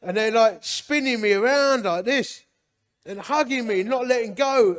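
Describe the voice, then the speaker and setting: A man, giving a lively, jokey personal testimony to a men's gathering and acting out the people in it. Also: very high voice, measured pace. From Hornchurch, England. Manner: lively, jokey, acts out quotes.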